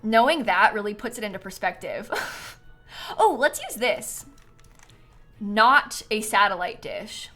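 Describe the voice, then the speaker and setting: A woman's voice: mid-range voice, lively intonation, slow, pushed and bright, soft background music. A woman hosting a livestream, chatting casually and giggling while she plays a game and thanks viewers for donations. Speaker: livestream host. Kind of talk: casual chat while gaming.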